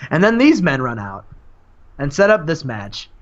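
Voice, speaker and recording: A man casually narrating a wrestling simulation game, animated and laughing as he tells it. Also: fairly high pitch, moderate pace. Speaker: guest co-host. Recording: lo-fi mic.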